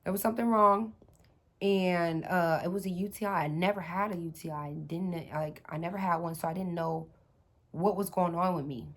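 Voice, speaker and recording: A woman's voice: on the low side, steady tone, normal speed. Chatty woman telling a storytime. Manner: chatty, addresses viewers as y'all, many fillers and restarts. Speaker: vlogger telling a personal story. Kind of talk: casual storytime to viewers.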